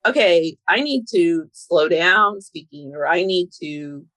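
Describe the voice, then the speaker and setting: A woman's voice: lowish voice, expressive, takes it slowly, a bit bright, dry recording, poor audio. A woman guest on a podcast, talking candidly and with self-deprecating laughs. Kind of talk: casual conversation.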